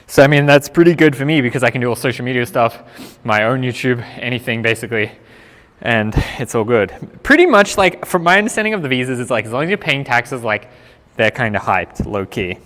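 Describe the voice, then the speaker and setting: A man's voice: mid-range voice, expressive, a little fast, fairly bright tone, in a large hall. A young man with an Australian accent, a skateboarder chatting casually on a live stream in a laid-back, slangy way.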